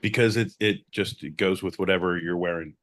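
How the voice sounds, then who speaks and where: A man's voice: sits low, fairly even intonation, fairly quick, fairly bright tone. A man co-hosting a podcast, joking, swearing and rambling in casual chat. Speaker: podcast co-host.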